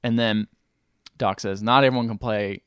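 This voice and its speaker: A man's voice: fairly low pitch, fairly even intonation, moderate pace, fairly bright tone, clear, resonant tone, no echo, studio quality. Man casually recapping a movie. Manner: retells scenes by acting out the characters' lines. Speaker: podcast host.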